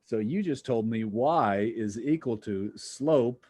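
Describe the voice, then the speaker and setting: A man's voice: mid-range voice, slow, darkish tone, slight background noise. A man lecturing a physics class, casual and jokey, thinking aloud as he works through problems with students. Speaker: physics instructor.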